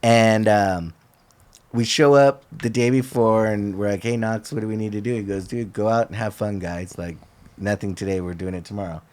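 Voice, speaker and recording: A man's voice: on the low side, moderate pace. A man guest on a talk show, telling a story casually and acting out what the other people said in a loose, slangy way. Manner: lively storyteller who acts out other people's lines. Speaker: podcast guest.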